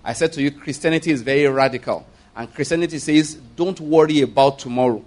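A middle-aged Nigerian preacher gives a sermon in a slightly raised voice that is a little high and darkish in tone, and he talks fast. He's emphatic, repeats key phrases, and slips into quoted voices while making his points.

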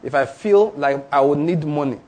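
A man's voice: on the high side, moderate pace, a little mellow. A man preaching a sermon, emphatic, asking his listeners questions and repeating declarations.

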